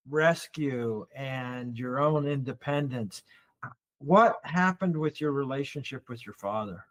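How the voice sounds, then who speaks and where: A man hosting a podcast, asking gentle personal questions and giving short affirmations. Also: fairly high pitch, low-quality recording. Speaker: podcast host. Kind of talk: interviewing.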